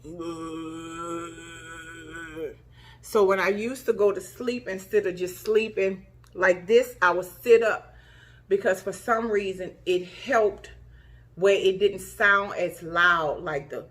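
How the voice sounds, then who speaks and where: Middle-aged woman vlogger, slow, emotional storytelling to camera. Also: mid-range voice, fairly bright tone. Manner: emotional, retelling with reenacted gasps and cries.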